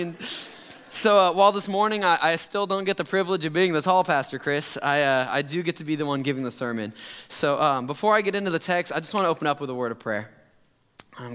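A man's voice: on the high side, fast talker, clear, resonant tone. Laid-back young man preaching in a church. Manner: relaxed, chatty, laid-back slang. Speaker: pastor. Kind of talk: casual sermon with story and prayer. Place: church sanctuary. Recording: long church hall reverb.

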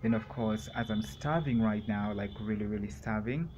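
A man talking alone in a room for a rambling solo vlog, meandering and halting with many fillers and pauses. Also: on the low side, darkish tone, a little hiss or hum. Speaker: vlogger.

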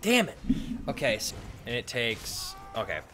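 A man's voice: mid-range voice, big pitch swings, measured pace, pushed and bright, soft background music. A young man commenting casually on his own gameplay, swearing and breaking into frustrated outbursts. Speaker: gaming streamer.

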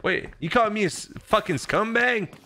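A man's voice: sits high, normal speed, bright, forceful tone. A brash man gamer in in-game voice chat, cursing and egging others on.

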